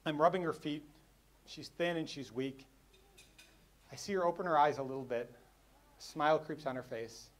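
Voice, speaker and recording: A middle-aged man giving a personal storytelling speech at a luncheon, dropping quiet for the sad parts. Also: fairly high pitch, normal speed, long pauses. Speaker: keynote speaker at a luncheon. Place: banquet hall.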